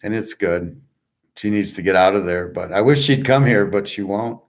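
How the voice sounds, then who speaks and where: On his own channel, a man with a lowish voice chats at a moderate pace. He wanders from thought to thought, speaking directly to whoever is watching.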